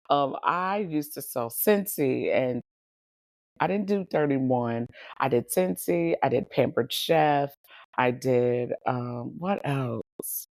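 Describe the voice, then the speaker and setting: A woman hosting a podcast, telling stories in a lively, animated way, laughing often and calling her listeners y'all. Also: very deep voice, measured pace, no room sound, studio quality. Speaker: podcast host and coach. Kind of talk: casual storytelling monologue.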